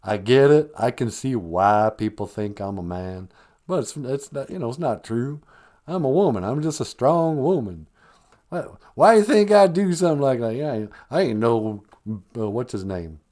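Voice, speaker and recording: A man doing a gruff, defensive woman who keeps insisting she is a woman, in loose street slang. The voice swings widely up and down in pitch, and it plays as a live-stream comic impression. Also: sing-song, moderate pace, warm tone, close to an everyday voice.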